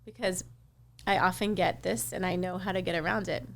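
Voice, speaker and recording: A woman's voice: on the low side, steady tone, brisk, vocal fry. A woman cardiologist talking frankly in a podcast interview, often quoting her patients. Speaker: cardiologist guest. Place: South Florida.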